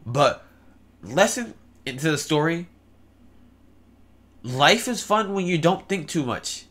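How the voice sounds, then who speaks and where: A man's voice: on the high side, expressive, takes it slowly, a bit bright. A young man telling a story in a rambling vlog, with many fillers and stammered restarts. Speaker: vlogger.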